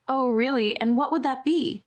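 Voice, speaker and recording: A woman's voice: high voice, moderate pace, crowd noise, natural voice. A synthetic woman voicing a bossy, teasing chatbot girlfriend. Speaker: AI companion voice. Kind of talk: text-to-speech role-play narration.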